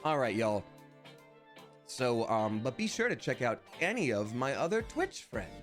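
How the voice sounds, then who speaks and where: A man's voice: mid-range voice, big pitch swings, unhurried, fairly bright tone, faint music behind. A man streaming live, chatting casually in a playful, rambling way and reading viewers' names aloud. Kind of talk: casual livestream chat.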